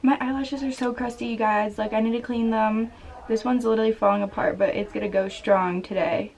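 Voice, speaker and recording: A woman's voice: a little high, fairly even intonation, fairly quick, gravelly, a little mellow. A woman in her twenties vlogging casually to the camera, bubbly and chatty, laughing often and saying "like" a lot. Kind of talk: casual vlog chat to camera. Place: hotel room and rented house, indoors. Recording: noisy room ambience.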